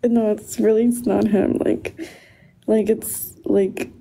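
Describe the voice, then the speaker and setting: A young woman on a livestream, speaking softly and haltingly while tearful. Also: medium pitch, little pitch movement, vocal fry, husky, low-quality recording. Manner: soft, halting, teary. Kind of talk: emotional livestream chat.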